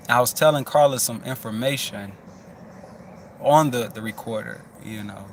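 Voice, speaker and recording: A man's voice: mid-range voice, normal speed, slight background noise. A man hosting a loose, casual chat, talking in a rambling, profane way with many restarts.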